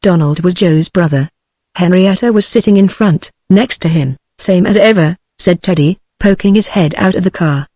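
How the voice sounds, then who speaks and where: A computer-generated narrator reads the story aloud at a middle pitch. The delivery stays even and mechanical. The sound is dry and close, with no room. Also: normal speed, dry recording. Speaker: audiobook narrator. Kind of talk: synthetic audiobook narration.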